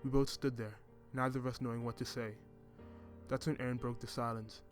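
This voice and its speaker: A man reading a first-person story in a measured, reflective way. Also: medium pitch, little pitch movement. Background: music.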